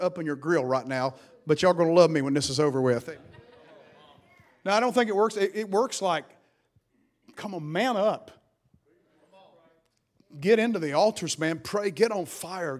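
A man preaches a sermon in a high voice. His delivery is fervent, sinking to near whispers before rising again with force. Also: moderate pace. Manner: fervent, swings from hushed to loud. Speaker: pastor.

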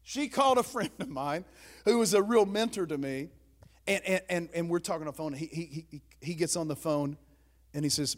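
A man's voice: on the high side, moderate pace. A man preaching a sermon as pastor, emphatic and exhorting his listeners.

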